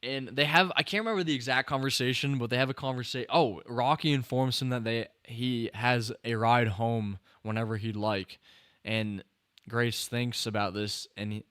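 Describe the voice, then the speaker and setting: Rambling young man, smooth dry voice. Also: mid-range voice, fairly even intonation, normal speed, a bit bright, no echo. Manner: rambling, self-correcting, many fillers and restarts. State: tired, yawning. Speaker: podcast host. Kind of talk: casual film review chat.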